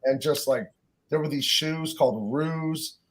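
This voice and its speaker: A man's voice: on the high side, measured pace, crowd noise. An American man chatting casually on a podcast, curious and eager, peppering his talk with "like". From United States. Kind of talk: casual chat.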